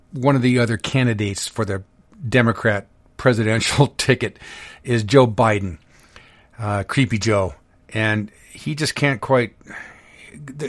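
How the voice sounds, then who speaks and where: A man's voice: mid-range voice, a bit bright, no room sound. A man hosts a political talk podcast in an easy, rambling way, with plenty of fillers. His mid-range voice sits close to the mic in a very dry room. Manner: loose and conversational, with frequent fillers. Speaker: podcast host.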